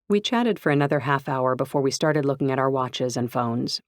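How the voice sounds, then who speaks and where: A woman narrating a first-person novel in an even, clear storytelling voice. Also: rumbling low, a little fast, hardly any pauses, no echo, studio quality. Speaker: audiobook narrator.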